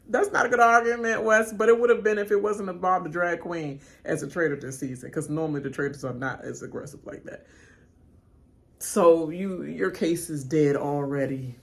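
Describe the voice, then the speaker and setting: A woman giving live reaction commentary to a reality show, slangy and animated, talking straight back at the people on screen. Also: creaky. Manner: animated, pitch jumps high when emphatic. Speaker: reaction channel host.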